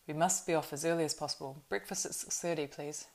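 A woman's voice: low voice, fairly even intonation, fast. A woman voicing a tired, worried young male hobbit who speaks politely and earnestly.

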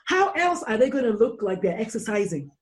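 A woman's voice: on the high side, very animated. A woman speaking passionately and indignantly as a guest in a casual interview. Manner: passionate, indignant, rapid questions.

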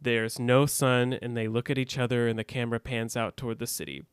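A man's voice: mid-range voice, fairly quick, clear, resonant tone, dry recording, studio quality. A man co-hosting a podcast, recounting scenes casually and reading out dialogue with a bit of drama. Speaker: podcast co-host. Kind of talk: casual recap chat.

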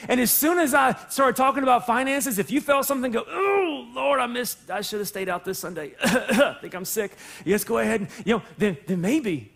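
A pastor preaches from the pulpit of a church sanctuary, his voice sitting high for a man. He talks in an animated, joking way and slips into playful voices to act out the characters he describes. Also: gravelly. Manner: animated, jokey, acts out voices of people and God. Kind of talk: sermon.

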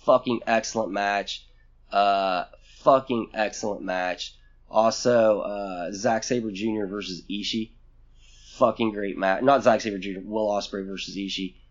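A man's voice: lowish voice, steady tone, a little slow, highs cut off. A man co-hosting a casual podcast chat, blunt and profane, rambling from one thought to the next. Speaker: podcast co-host.

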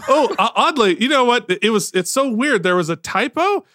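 A man's voice: very high-pitched, lively intonation, moderate pace, pushed and bright, no echo, studio quality. A man co-hosting an improv comedy podcast, playful and prone to stammering. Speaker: podcast co-host.

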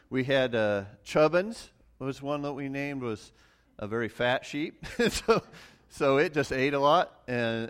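A middle-aged man preaching a relaxed sermon, mixing farm stories with scripture in a conversational, self-deprecating way. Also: mid-range voice, clean tone. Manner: conversational, many restarts and fillers, chuckles at himself. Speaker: pastor. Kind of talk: casual sermon with personal stories.

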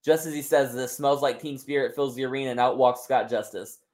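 A man hosting a wrestling booking game, narrating matches and chatting in a relaxed way. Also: mid-range voice, brisk. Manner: relaxed, reads aloud with fillers and laughs. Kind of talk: casual narration and chat.

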